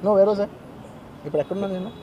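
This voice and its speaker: A man's voice: high-pitched, very fast, muffled recording, faint music behind. A middle-aged man with a Telugu accent, speaking at a press meet in a garden, giving an emotional statement and insisting on his point with many repeated phrases. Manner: earnest, insistent, repeats himself. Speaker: actor at a press conference.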